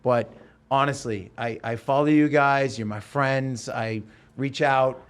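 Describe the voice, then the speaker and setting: A man's voice: mid-range voice, steady tone, measured pace, clean tone. A man from Oregon hosting a podcast, chatting casually and enthusiastically with his guests. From Oregon, USA. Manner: effusive, enthusiastic, exclaiming. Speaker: podcast host. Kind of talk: casual chat.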